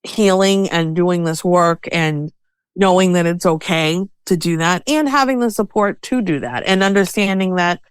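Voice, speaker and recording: A woman speaking as a guest on a podcast, her low-ish voice smooth and resonant. She talks in an animated, conversational way. The sound is close and dry, with no room echo. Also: moderate pace. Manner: animated, acts out inner voices in quotes. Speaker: podcast guest, self-care expert. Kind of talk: conversational interview.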